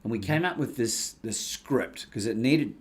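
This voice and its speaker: A man with an Australian accent, a podcast guest telling a story in casual, animated talk and acting out the people he quotes. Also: mid-range voice, moderate pace, breathy edge. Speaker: guest, courage coach.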